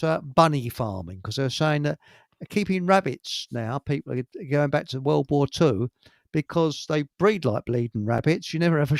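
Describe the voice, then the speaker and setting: A man's voice: a little high, vocal fry, no room sound, clean studio sound. A man hosting a casual chat show, jokey and rambling, with chuckling asides. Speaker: host.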